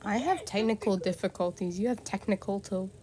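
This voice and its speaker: A woman's voice: mid-range voice, a little fast, very noisy. A woman chatting casually with a friend while they play a game together, giggly, playful and chatty. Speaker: gamer playing with a friend. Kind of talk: casual chat over gameplay.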